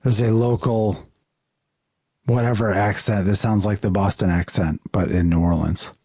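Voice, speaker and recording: A man's voice: fairly low pitch, steady tone, normal speed, mellow, breathy edge, no echo. A man co-hosting a podcast in playful casual chat, cracking jokes. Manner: joking, playful. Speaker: podcast co-host.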